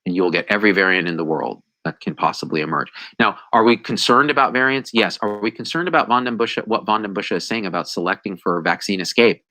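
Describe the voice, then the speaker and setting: Emphatic, bright-voiced science host. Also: male voice, lowish voice, quick pace, few pauses, no echo, rough recording. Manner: emphatic, animated, sarcastic ranting. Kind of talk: heated commentary.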